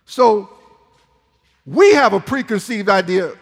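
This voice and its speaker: Male pastor, high and expressive, emphatic sermon delivery, reverberant church. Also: slow pace, husky. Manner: dramatic, emphatic preaching with sudden swings in volume. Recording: long reverb in a large hall.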